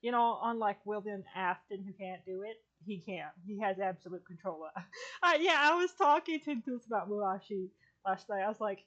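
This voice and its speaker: A woman's voice: mid-range voice, animated, normal speed, a bit bright. Woman, casual podcast chat, rambling, lots of fillers, swears a lot, dull lo-fi sound. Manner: rambling, swears freely, many fillers and restarts. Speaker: streamer and podcast guest.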